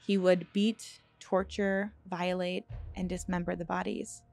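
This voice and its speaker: A woman's voice: on the low side, level tone, a little slow, gravelly, a little mellow. Earnest woman telling a true crime story. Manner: earnest, emotional, choked up at times; conversational with many fillers and restarts. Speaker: true crime channel host.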